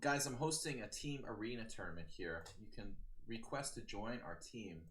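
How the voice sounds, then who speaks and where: A man's voice: fairly low pitch, moderate pace, fairly bright tone. A man streaming chess live, with casual commentary and joking banter aimed at his chat.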